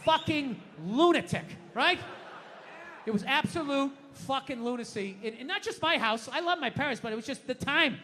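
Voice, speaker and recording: A man doing a stand-up comedy set, ranting loudly with heavy swearing and shouted impressions. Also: very high voice, expressive, normal speed, in a large hall, slight background noise. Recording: live club with audience laughter. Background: crowd laughing.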